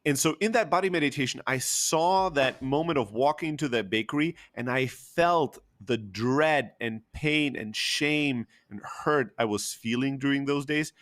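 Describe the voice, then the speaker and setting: Guy opening up about a rough time, lots of "like" and "right?", talks straight. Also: medium pitch, a little slow, few pauses, a bit bright. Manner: open, emotional, frequent fillers and swearing. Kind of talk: candid personal storytelling.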